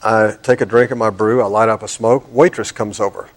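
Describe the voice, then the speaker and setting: A middle-aged man, a talk show guest telling a drawn-out anecdote and acting out his own exasperation. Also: on the low side, steady tone. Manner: drawling storyteller, acting out exasperation.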